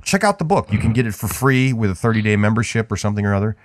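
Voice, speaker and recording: Lively low-voiced man bantering on a podcast. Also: racing, no echo. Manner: joking, rambling with many fillers. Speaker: podcast co-host.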